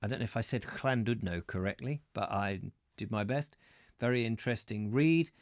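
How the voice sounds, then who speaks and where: A man's voice: on the low side, moderate pace, dry recording, studio quality. A man from England hosting a live stream, reading a book aloud and chatting casually about viewer comments, stumbling over names.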